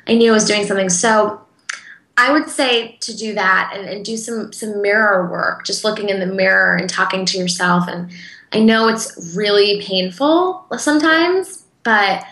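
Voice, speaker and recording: A woman's voice: medium pitch, bright, forceful tone, echoey room, rough recording. A woman interview guest speaking in a casual, earnest and heartfelt way, with frequent fillers. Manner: earnest, heartfelt, talks in quick bursts with fillers.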